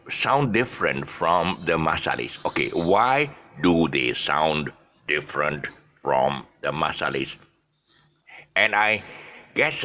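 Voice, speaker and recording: A man's voice: sits low, bright, forceful tone. A man with a Malaysian English accent giving a casual, rambling pronunciation lesson, full of fillers, restarts and jokey asides.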